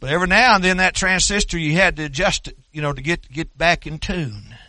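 An older man from Oklahoma preaching a sermon, wandering into folksy asides and building to loud shouted stretches. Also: on the high side, brisk, no room sound.

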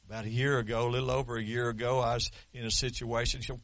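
A man's voice: medium pitch, fast, a bit bright, no echo. A man, preaching a sermon as pastor in a folksy, storytelling way with touches of humor. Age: 60s.

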